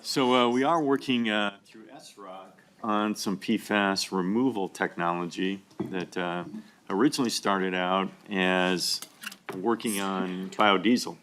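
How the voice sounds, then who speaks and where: A man's voice: low voice, a little slow, a bit bright, a little hiss or hum. A man, a state representative, explaining a topic at a hearing with some fillers. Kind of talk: informal remarks at a hearing.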